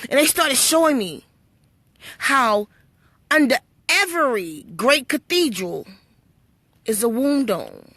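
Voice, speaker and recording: A woman's voice: high-pitched, sing-song, takes it slowly, pauses often, bright, forceful tone, no room sound. A woman telling her spiritual story to live-stream viewers, blunt and full of swearing, preachy and storytelling. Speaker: livestream host.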